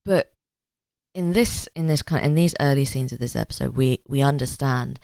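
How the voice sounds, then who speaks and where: Low-voiced woman chatting in a dry room. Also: moderate pace, vocal fry, mellow, dry recording. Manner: chatty, many restarts and repeated words. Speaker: podcast co-host. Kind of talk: casual discussion of a TV series.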